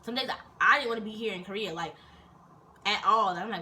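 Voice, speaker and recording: A young woman and soldier telling stories in a casual, animated, profane and rambling chat, recorded indoors. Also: mid-range voice, fast talker. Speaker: vlogger and soldier. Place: indoors in Korea. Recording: distant mic with faint noise.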